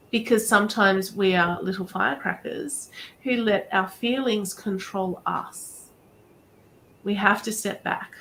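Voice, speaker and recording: A woman's voice: medium pitch, vocal fry, fairly bright tone, a little hiss or hum, rough recording. A woman hosting a live-stream card reading, talking directly and encouragingly in a chatty way. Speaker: psychic reader and show host.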